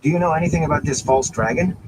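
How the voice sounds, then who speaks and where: A man's voice: a little high, quick pace, noisy background, pitched above the performer's own voice, close to an everyday voice. A man voicing a courteous, earnest young village man.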